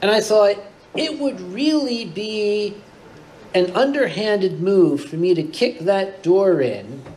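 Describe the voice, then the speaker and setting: A man's voice: high-pitched, lively intonation, slow pace, darkish tone, slight background noise, poor audio. A man on a live convention comedy panel, telling a rambling, hesitant, self-mocking anecdote. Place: convention panel room with audience.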